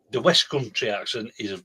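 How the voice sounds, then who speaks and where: A man's voice: mid-range voice, sharp tone, slightly rough. A man co-hosting a casual live-stream chat, blunt and swearing, with emphatic agreement. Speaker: co-host.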